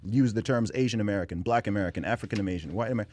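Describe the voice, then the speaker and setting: English man with a low voice. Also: racing, a little mellow. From England. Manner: conversational, frequent restarts and fillers. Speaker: podcast guest. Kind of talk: casual panel discussion.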